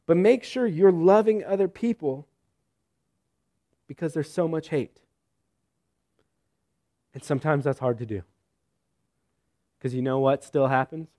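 A man preaching a sermon in a conversational style, with joking asides and lively storytelling. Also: medium pitch. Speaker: pastor.

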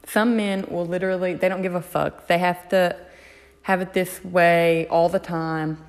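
A woman's voice: lowish voice, level tone, a little slow, big-room sound. A woman hosting a casual solo podcast, giving blunt, profane, frank advice. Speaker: podcast host.

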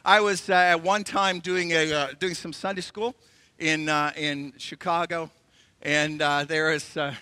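A man's voice: fairly high pitch, measured pace, smooth, no echo, big-room sound. A middle-aged man preaching a sermon as pastor, telling stories and acting out the voices of people in them. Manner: animated storytelling, acts out voices.

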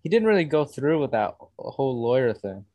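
A man co-hosting a casual movie-review podcast over an online call, dry and contrarian in a deadpan way. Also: mid-range voice, fairly quick, no room sound, highs cut off. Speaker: podcast co-host.

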